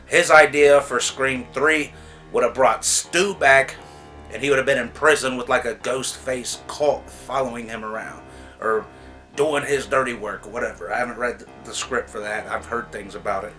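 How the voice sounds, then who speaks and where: A man's voice: mid-range voice, steady tone, moderate pace, pushed and bright, faint music behind. A man hosting a casual movie review vlog, frank and exasperated, chatting in a loose, talky way. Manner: frank, exasperated, chatty with repeated "you know what I'm saying". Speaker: movie reviewer, channel host.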